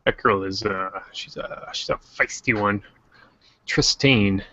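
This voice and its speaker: A man hosting a casual livestream discussion, joking and animated. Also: fairly low pitch, slow pace, no echo, dull audio. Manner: joking, animated, quotes characters in silly voices. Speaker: host.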